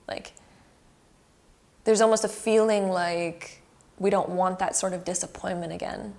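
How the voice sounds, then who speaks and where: A woman's voice: mid-range voice, fairly even intonation, normal speed, a little mellow. Chatty young woman giving a tarot reading. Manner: chatty and effusive, heavy use of "like", emotional. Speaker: tarot reader. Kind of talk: casual pick-a-card tarot reading to camera. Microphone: camera close by.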